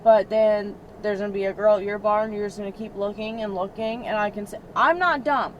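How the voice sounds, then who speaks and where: A young woman in her twenties vents from the back of a car, her talk heated, profane and full of fillers. Her voice sits at an ordinary middle pitch for a woman. A faint hum of the road runs under her, picked up by an in-car cabin camera. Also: steady tone, fairly quick, lo-fi sound. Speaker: rideshare passenger. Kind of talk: casual venting chat. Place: inside a moving car. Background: faint vehicle road noise.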